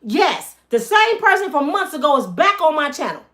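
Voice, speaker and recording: Heated high-voiced woman ranting to viewers. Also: very animated, moderate pace, sharp tone. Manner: heated, emphatic, addresses viewers as y'all. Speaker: channel host. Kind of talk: angry vlog rant to viewers.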